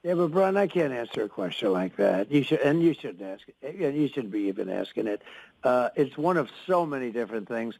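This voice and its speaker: A man's voice: medium pitch, sing-song, a little fast, gravelly, darkish tone, rough recording. An older man answering interview questions in a boastful, repetitive, rambling manner. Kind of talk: radio interview.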